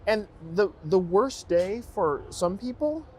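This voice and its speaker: A man's voice: high-pitched, lively intonation, slow pace, a little hiss or hum. Agreeable male podcast host. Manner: agreeable, short prompts and asides. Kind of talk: casual interview talk.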